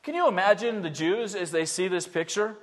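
A man's voice: high voice, fairly quick. A man preaching an expository sermon, vividly retelling the scene and asking the congregation rhetorical questions. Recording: long reverb in a large hall.

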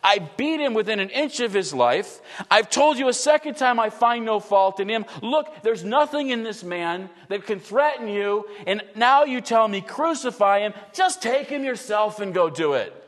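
A man's voice: high voice, expressive, normal speed, few pauses, a bit bright. A man voicing an exasperated, cornered Roman governor who pleads with a crowd, as a preacher acts him out in a sermon. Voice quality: frustrated pleading.

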